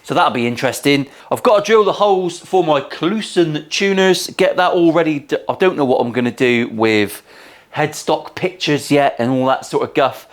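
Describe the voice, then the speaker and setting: A cheeky man with a West Country English accent talks through a guitar build in his workshop. He jokes around and swears freely in easy banter. His voice sits a little higher than most men's. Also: normal speed. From England. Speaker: guitar maker hosting a workshop build vlog. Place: home workshop.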